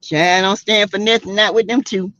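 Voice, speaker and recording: A woman's voice: medium pitch, fairly even intonation, moderate pace, a bit bright, no room sound, muffled recording. A woman from South Carolina hosting a livestream, giving sassy, outspoken, slangy commentary on a reality show to her live chat and laughing often. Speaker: livestream host.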